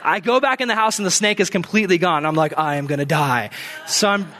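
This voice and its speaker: A young man delivers a sermon in a relaxed, conversational way, telling stories with sudden shouted bursts. His voice sits high for a man. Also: fast. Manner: animated storyteller, shouting bursts. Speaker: pastor.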